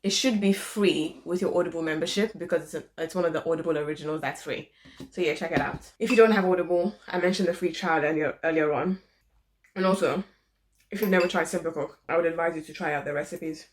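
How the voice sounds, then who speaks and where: Chatty woman vlogger, low voice. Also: fairly even intonation, quick pace. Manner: chatty, informal, lots of "literally" and "like". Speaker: home decor vlogger. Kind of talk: casual how-to vlog chat. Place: home living room.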